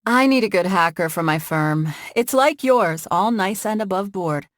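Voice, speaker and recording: A woman voicing a sharp, practical young heroine in an audiobook, speaking dry and matter-of-fact. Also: medium pitch, lively intonation, normal speed, no room sound, lightly acted.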